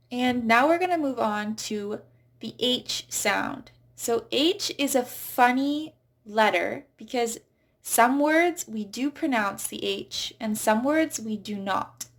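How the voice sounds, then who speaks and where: Brief: female English teacher, unhurried and precise, slightly high-pitched. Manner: slow, careful, stresses example words. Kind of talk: pronunciation lesson.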